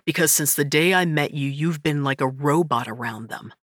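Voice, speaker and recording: A woman's voice: deep voice, moderate pace, a bit bright, no room sound, clean studio sound. A woman voicing a stern male ranch owner who scolds curtly through his teeth. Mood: stern scolding.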